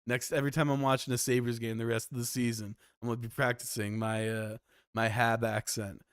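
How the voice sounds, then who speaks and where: A man's voice: medium pitch, level tone, brisk, smooth, no room sound, studio quality. A Canadian man giving loose, profane commentary over a game playthrough, laughing often and rambling. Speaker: game streamer.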